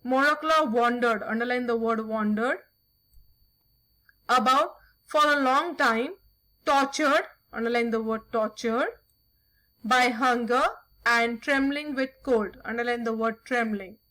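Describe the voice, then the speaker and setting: A woman teacher reads a folk tale aloud and stops to give vocabulary instructions. She has a high voice and reads slowly and carefully. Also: sharp tone, poor audio. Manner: slow, careful reading with instructions.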